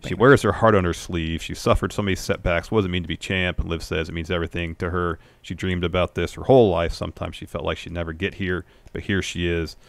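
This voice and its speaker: A man co-hosting a podcast, calmly summarizing a wrestling show in a low-key, matter-of-fact way. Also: fast talker, vocal fry, few pauses, no echo. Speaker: podcast co-host. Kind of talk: casual wrestling recap.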